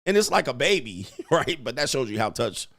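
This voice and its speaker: A man's voice: medium pitch, very animated, normal speed, a bit bright, no echo, studio quality. A man hosting a live stream as a dating coach, rambling crudely, reading viewer questions and putting on mock voices.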